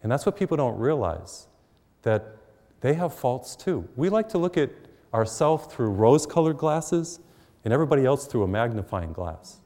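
A man's voice: medium pitch, warm tone. A middle-aged man preaching a sermon, telling stories in a conversational, humorous way. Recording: long hall reverb.

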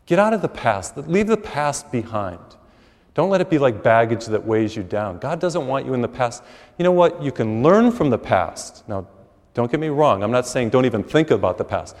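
A man's voice: mid-range voice, very animated, normal speed, a little mellow. Preaching man in a reverberant church. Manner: storytelling, conversational preaching with folksy asides. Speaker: priest. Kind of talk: sermon.

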